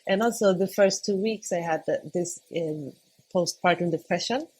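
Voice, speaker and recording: A young woman, a podcast guest, talking casually and hesitantly, often searching for words and laughing softly between thoughts. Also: fairly low pitch, normal speed, husky. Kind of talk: casual conversation.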